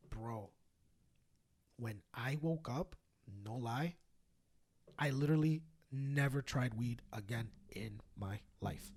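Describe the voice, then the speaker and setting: Man on a podcast, casual storytelling, swears a lot, laughs between lines, mid-range voice. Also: slow pace. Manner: animated, profane, laughs often, acts out quotes in high voices. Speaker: podcast co-host.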